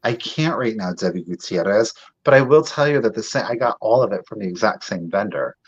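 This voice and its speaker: A man's voice: fairly low pitch, lively intonation, breathy edge. A man hosting a live online sale, chatting and gushing as he shows each item to bidders. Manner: chatty and gushing, drawn-out exclamations, addresses bidders directly. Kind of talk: live sales stream, showing items on camera. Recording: slightly dull lo-fi audio.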